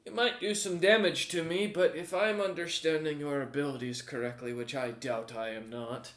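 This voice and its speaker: A man's voice: fairly high pitch, fairly even intonation, normal speed, a bit bright, natural voice. A man voicing a ruthless, greedy male warrior chief who talks in a mocking, menacing way, recorded in an echoey room.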